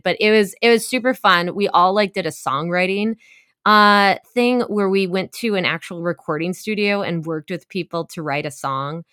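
Young woman, podcast co-host, lowish voice, dry close mic, rambling casual chat. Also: big pitch swings, unhurried, sharp tone, clear, resonant tone, no room sound. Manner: chatty storyteller with many fillers and laughs.

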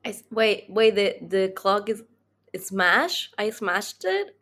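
A woman's voice: medium pitch, sing-song, takes it slowly, fairly bright tone. Giggly woman guest thinking aloud. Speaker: podcast guest. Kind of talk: casual podcast chat.

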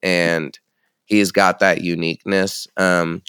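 A man's voice: sits low, level tone, slow, fairly bright tone, clean tone, no echo, studio quality. A young man chatting casually about music, enthusiastic and rambling, swearing freely as he talks about bands he works with. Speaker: founder of a music feature site. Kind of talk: casual podcast chat.

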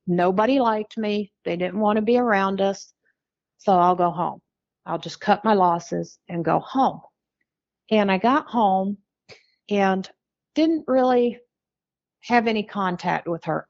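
A middle-aged American woman, appearing as a podcast guest, recounts her life story with candor and dry humor, voicing the things people told her. Her voice is mid-range and creaky, and the recording sounds dry and dull.

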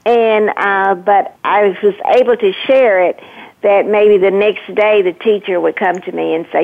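A woman guest on a radio interview, a leadership coach who explains earnestly with pauses and fillers. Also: medium pitch, fairly even intonation, vocal fry. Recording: tinny phone line.

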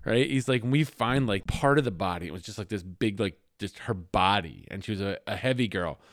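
Podcast guy, lowish voice, dry close sound, crude and excitable telling a story. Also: fairly quick, no room sound. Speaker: podcast co-host. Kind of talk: casual chat.

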